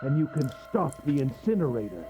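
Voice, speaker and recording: An actor playing a sadistic, mocking male captor who speaks with gentlemanly politeness in a video game. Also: mid-range voice, big pitch swings, a little fast, loud music behind the voice, natural voice, rough recording. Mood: taunting. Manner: polite, taunting, cackling.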